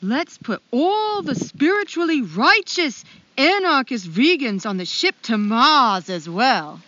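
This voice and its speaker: A woman putting on a deliberately bad Maine accent to read a listener's comment. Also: sits high, very animated, no echo, dull audio, pitched above the performer's own voice, full character voice. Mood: mock-serious. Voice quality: loud, strained comic accent.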